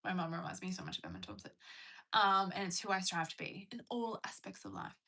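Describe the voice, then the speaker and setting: Young woman livestream host, gravelly edge, bright tone, chatty, answers comments. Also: lowish voice, sing-song, a little fast. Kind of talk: casual live-stream chat. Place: at home.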